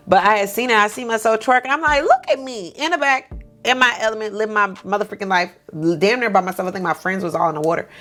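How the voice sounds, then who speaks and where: A woman's voice: on the low side, fairly bright tone. A woman vlogging at home with a desk mic, chatting sassily and animatedly while doing her makeup, swearing freely. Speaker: beauty vlogger. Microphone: first-time desk mic.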